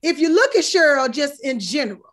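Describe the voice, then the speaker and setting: A woman guest in casual conversation, her voice sitting a little high. She speaks emphatically, with animated, mocking asides. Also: brisk. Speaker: yoga instructor. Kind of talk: casual chat.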